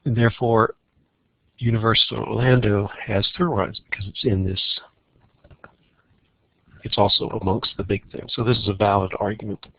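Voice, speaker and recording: A man teaching a recorded math lesson on logic problems, walking through each problem in a relaxed way and thinking aloud. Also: fairly low pitch, normal speed, long pauses, no room sound, muffled recording.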